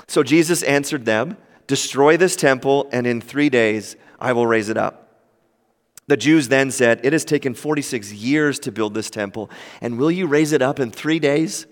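A man's voice: normal speed, long reverb tail. A man preaching a sermon in a conversational way, acting out the people he quotes. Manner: conversational, acts out quoted voices with lively pitch swings.

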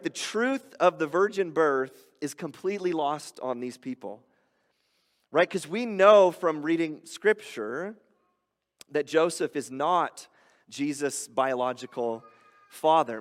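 A middle-aged man preaching a sermon in an animated, conversational way. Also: a little high. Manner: animated, conversational preaching with playful grumbling voices. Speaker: pastor. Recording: hall reverb.

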